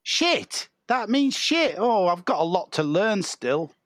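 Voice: mid-range voice, big pitch swings, takes it slowly, a bit bright, dry recording, clean studio sound. A performer improvising a meek, gullible new trainee baker who hesitates a lot. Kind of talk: improv comedy scene.

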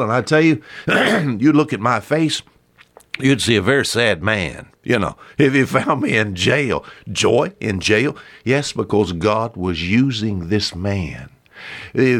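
A man with a lowish voice delivering a radio sermon. His pitch swings widely as he leans into rhetorical questions and stretches out the words he wants to stress. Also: fairly bright tone. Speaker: preacher.

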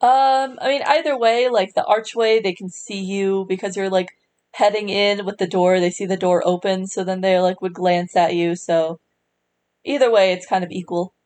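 A woman running a tabletop game as game master, speaking in a relaxed way with fillers. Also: medium pitch, normal speed.

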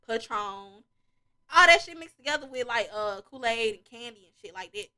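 At normal speed and in a slightly high voice, a young woman hosts a podcast and shares a wild story. She's animated and profane in the casual chat, laughs often, and acts out the other people's lines, voices, and beats.

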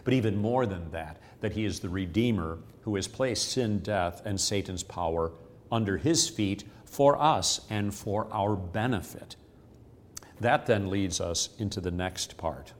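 A man's voice: on the low side, measured pace, slight background noise. A man hosting a devotional podcast, explaining a Bible passage in an earnest, explanatory way and repeating key phrases. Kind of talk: scripture teaching.

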